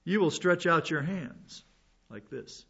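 Male preacher, fairly high voice, earnest verse-by-verse sermon, muffled lo-fi recording. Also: expressive, slow, vocal fry, a bit bright, breathy edge. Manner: earnest, explains scripture verse by verse with asides. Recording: dull lo-fi sound.

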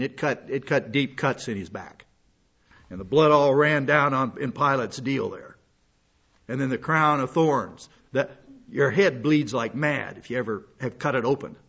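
Folksy older preacher, husky and lo-fi. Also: male voice, mid-range voice, fairly bright tone. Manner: folksy, rambling with frequent fillers and restarts. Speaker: pastor. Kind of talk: sermon. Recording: dull lo-fi sound.

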